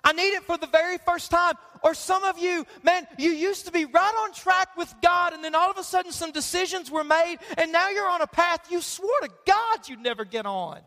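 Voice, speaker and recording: A man's voice: very high voice, moderate pace, few pauses, bright, forceful tone. Male pastor, sermon, passionate and repetitive; long hall reverb. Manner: passionate, repetitive preaching with building emphasis.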